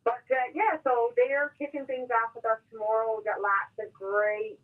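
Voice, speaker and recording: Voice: mid-range voice, steady tone, moderate pace, very noisy. Enthusiastic Newfoundland guest on a tinny phone line. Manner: chatty, enthusiastic, repeats words while thinking. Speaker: brewery representative, phone-in guest. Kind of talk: casual radio interview. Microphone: telephone.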